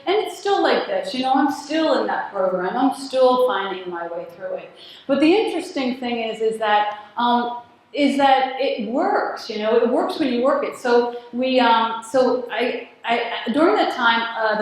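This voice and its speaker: A woman telling a personal story in a talk, acting out the dialogue and laughing often. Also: fairly high pitch. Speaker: speaker at a spiritual community gathering. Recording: very echoey hall.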